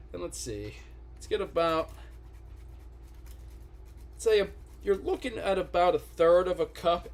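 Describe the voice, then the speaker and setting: A man from the Pittsburgh area hosting a casual live cooking stream from his home kitchen, chatting straight to viewers and swearing casually. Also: on the high side. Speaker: cooking livestream host.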